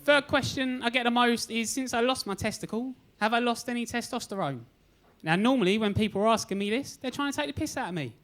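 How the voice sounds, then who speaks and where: A young man performs a stand-up set on a club stage, telling cheeky, self-deprecating stories and acting out the quotes. His voice is extremely high, a bit bright, and he talks fast.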